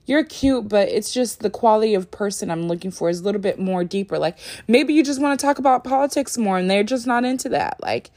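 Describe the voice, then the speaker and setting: A woman's voice: mid-range voice, lively intonation, a little fast, few pauses, darkish tone. A young woman vlogging to her viewers in a casual, rambling way, full of fillers, sleepy and yawning. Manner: chatty, rambling, lots of "like" fillers. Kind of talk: casual talk to camera.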